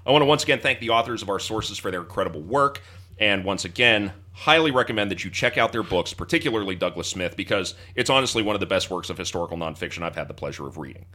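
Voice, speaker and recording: A man's voice: low-pitched, animated, fast talker, pushed and bright. A young man hosting a history podcast, mixing dry, mock-formal jokes with earnest thanks to his listeners. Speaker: podcast host. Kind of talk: casual podcast chat and scripted sign-off.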